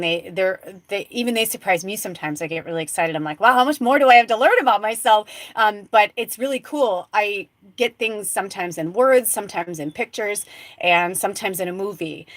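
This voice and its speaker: A spiritual live-stream host with a mid-range voice tells a casual, rambling story full of fillers and false starts, moving from soft, hushed delivery to excited exclamations. No echo is present.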